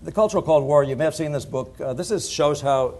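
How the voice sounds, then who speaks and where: A middle-aged man giving a conference talk in an animated, digressive way, laughing at his own points. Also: a little high, brisk. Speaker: conference speaker. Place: conference hall.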